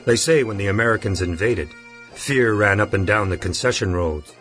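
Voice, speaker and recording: A man reading his voice demo, with punchy commercial announcing and a steady narration. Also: on the low side, moderate pace, soft background music. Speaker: voice actor demo reel.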